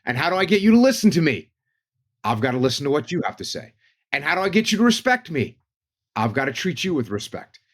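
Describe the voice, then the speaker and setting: A man talking on a podcast panel in a casual, teaching way, driving his points home by repeating them as lists. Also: on the high side.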